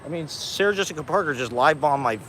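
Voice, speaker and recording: A man's voice: fairly high pitch, expressive, fast, fairly bright tone. Give me a rambling, profane man streaming outdoors. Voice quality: profane, rambling, laughs often. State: stoned. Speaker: live streamer. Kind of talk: casual rambling live-stream monologue. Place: outdoors on a city street. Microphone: phone on a selfie stick. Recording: busy street traffic noise. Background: city traffic.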